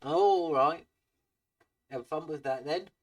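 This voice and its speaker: A man voicing a gruff, burly male half-orc detective in a tabletop game. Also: fairly high pitch, takes it slowly, no room sound, distant mic, highs cut off. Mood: dismissive.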